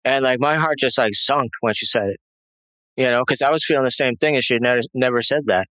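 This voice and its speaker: A man's voice: mid-range voice, fast talker, a bit bright, no room sound, low-quality recording. A man being interviewed, telling a tense personal story in a rambling way, with many restarts and fillers. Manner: tense, agitated retelling. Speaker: interview guest.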